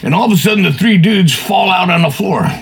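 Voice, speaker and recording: A man with a fairly high, gravelly voice and a husky edge tells a long story in a loose, folksy manner. He rambles and keeps dropping "man" and "you know" as he goes. The telling is casual and conversational. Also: lively intonation, fairly quick, poor audio.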